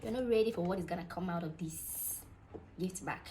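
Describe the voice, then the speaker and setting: A woman hosting an unboxing vlog, talking in excitable, gushing exclamations. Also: on the low side, a little fast, slight background noise. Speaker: vlogger.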